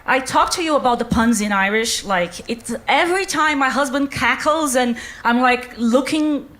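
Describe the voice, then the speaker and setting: A woman's voice: sits high, moderate pace, a bit bright. Chatty foreign-born woman doing stand-up. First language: not English. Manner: chatty, rambling, self-mocking, many fillers. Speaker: stand-up comedian, obstetrics and gynaecology doctor. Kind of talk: stand-up comedy set. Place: stage in a club before a live audience.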